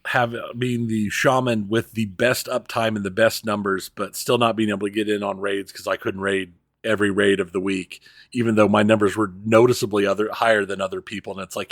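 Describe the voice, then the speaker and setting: A man's voice: fairly low pitch, flat delivery, fairly quick, no echo. A man co-hosting a casual gaming podcast, giving news with wry, dry asides. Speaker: podcast co-host.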